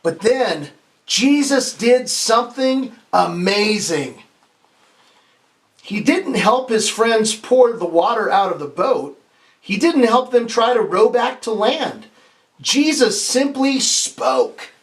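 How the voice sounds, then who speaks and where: A man's voice: high-pitched, slow. Man reading a picture book to kids. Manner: expressive, asks the kids questions and has them repeat lines; playful asides, some stumbles and restarts. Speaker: pastor hosting a kids' story time.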